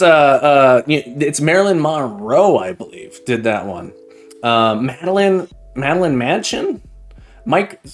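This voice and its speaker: A man hosting a live coding stream, chatting excitedly and jokingly with viewers, often repeating words and restarting his sentences. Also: a little high. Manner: laughs often and jokes with chat. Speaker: livestream coding host. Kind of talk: casual live-stream chat while coding.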